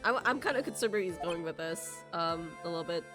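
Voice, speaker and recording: A woman's voice: on the low side, lively intonation, brisk. A woman streamer giving casual, chatty commentary while playing a story game, reacting emotionally as she goes. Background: game music.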